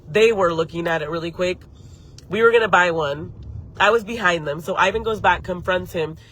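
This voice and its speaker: During a live-streamed story time, a woman who hosts a beauty channel speaks in a lowish, fairly bright voice at normal speed. She gets heated and swears as she recounts the story, breaking off now and then to respond to the chat.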